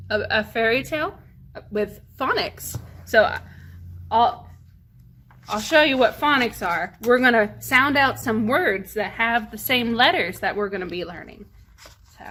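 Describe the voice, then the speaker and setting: A woman's voice: a little high, sharp tone, slight background noise. A woman leading a children's storytime, reading aloud and stressing letter sounds to teach phonics. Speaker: children's librarian.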